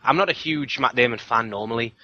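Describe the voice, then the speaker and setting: A man's voice: mid-range voice, fast talker, sharp tone, no room sound, highs cut off. A man from the UK co-hosting a casual film review chat, talking in a chatty, hedging way with many fillers. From United Kingdom. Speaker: film review podcast co-host.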